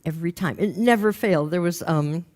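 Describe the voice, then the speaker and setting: A woman's voice: on the low side, a little fast. A woman career coach giving a talk, telling anecdotes and acting out the people in them. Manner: animated, acts out the people in her anecdotes. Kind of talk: storytelling talk to an audience.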